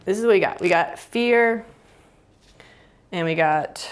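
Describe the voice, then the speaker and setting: A woman's voice: on the low side, a little slow. A young adult woman, a mind-body therapist, explaining ideas casually and thoughtfully at a whiteboard, with many fillers.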